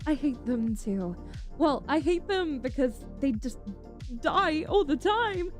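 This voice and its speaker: A woman VTuber chats casually on a live stream, giggling affectionately and calling her viewers darling. Her voice sits high and animated, and she speaks slowly over soft background music.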